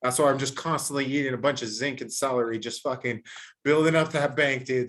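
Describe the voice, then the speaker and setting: A man hosting a podcast in casual chat, ranting with heavy swearing and animated emphasis. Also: mid-range voice, a little fast. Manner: heavily profane, ranting and animated. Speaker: podcast host.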